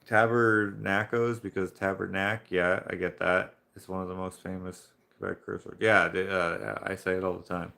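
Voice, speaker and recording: A Canadian man chatting casually on a live painting stream, meandering from one anecdote to the next. His voice is lowish and gravelly, with plenty of fry. He chuckles as he talks. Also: level tone, moderate pace, few pauses, bright, forceful tone. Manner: rambling storyteller, chuckling. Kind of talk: casual chat while painting.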